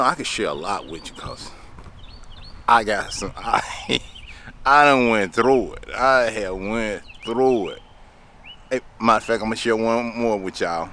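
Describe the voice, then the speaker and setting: A man talks straight to his viewers, loose and chatty, chuckling as he goes. His voice is bright and forceful, at a middle pitch. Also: a little hiss or hum. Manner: chatty, laughing, addresses viewers as y'all. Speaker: lawn care business owner. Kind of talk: casual storytelling vlog.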